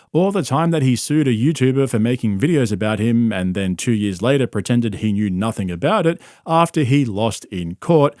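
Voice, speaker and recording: A man's voice: medium pitch, darkish tone, no echo, studio quality. A man narrating a mocking commentary on podcast clips, in a sarcastic tone. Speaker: commentary channel host.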